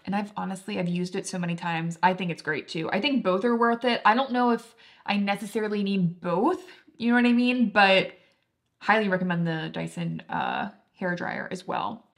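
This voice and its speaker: A woman's voice: mid-range voice, lively intonation, normal speed. A young woman talking casually and enthusiastically about her favorite products, full of fillers like "like". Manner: chatty, filler-heavy, enthusiastic. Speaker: beauty vlogger.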